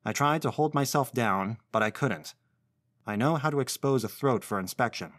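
A man narrating a literary short story in first person, with a measured, intense reading. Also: medium pitch, fairly bright tone, no room sound, studio quality.

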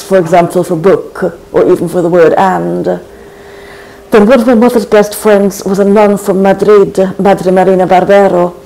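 A poet in their forties, giving measured, reflective interview answers with many pauses and hesitations. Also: medium pitch, mellow, low-quality recording. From Trinidad. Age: 40s. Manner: thoughtful and measured, frequent hesitations. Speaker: guest poet. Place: college.

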